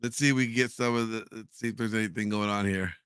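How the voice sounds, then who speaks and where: A man's voice: fairly low pitch, fairly even intonation, a bit bright, clear, resonant tone, no echo, studio quality. A man hosting a live stream, chatting loosely with plenty of fillers and restarts. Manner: loose, halting, many fillers. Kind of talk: casual chat.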